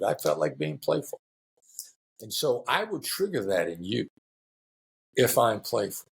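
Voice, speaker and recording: Low husky-voiced man telling stories. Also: a little slow, long pauses. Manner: relaxed storytelling, acts out quoted voices. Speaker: former FBI hostage negotiator, guest. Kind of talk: conversational interview answers.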